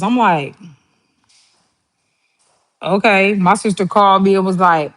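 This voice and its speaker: A woman with a lowish voice talks a little slowly and pauses often. She's hosting a casual livestream while cooking, chatting away with family stories, laughing frequently, and mimicking relatives.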